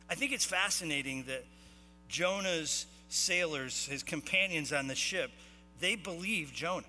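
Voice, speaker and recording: A man preaching a sermon as pastor, reading scripture and explaining it in casual, animated talk. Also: fairly high pitch, measured pace. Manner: animated, acts out the sailors' shouting. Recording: long hall reverb, faint music and mains hum.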